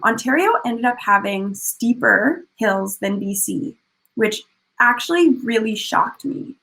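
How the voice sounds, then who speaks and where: A young woman from Canada telling a casual, animated story about her travels over photos, with many fillers and restarts. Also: fairly high pitch, gravelly, low-quality recording. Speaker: speaker sharing a personal journey.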